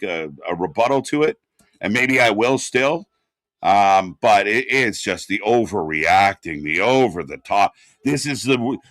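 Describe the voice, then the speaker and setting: A man's voice: fairly low pitch, fairly bright tone, no echo, studio quality. A man hosting a live wrestling watch-along stream, chatting casually and bluntly with plenty of swearing while answering chat. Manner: casual and profane, reads chat aloud.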